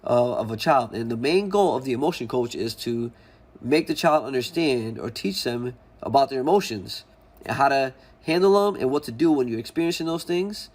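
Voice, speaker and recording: A man's voice: medium pitch, animated, moderate pace. A man casually explaining a parenting book in a conversational way, often restarting and acting out example quotes. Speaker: educational channel host.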